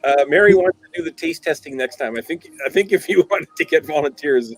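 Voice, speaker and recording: A man's voice: on the high side, lively intonation, brisk, poor audio. A man co-hosting a live stream, upbeat and teasing, laughing often. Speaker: co-host.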